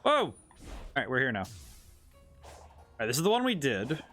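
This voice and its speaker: A man streams a video game live, chatting in a casual, playful way and rambling from one thought to the next as he thinks aloud. His mid-range voice has a sharp tone and huge pitch swings at a normal speed, with faint music behind him.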